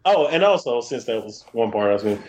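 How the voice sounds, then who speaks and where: A man's voice: medium pitch, sing-song, fast, a little mellow. A man co-hosting a podcast, telling stories in a rambling, chatty way. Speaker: podcast co-host. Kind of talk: casual podcast chat.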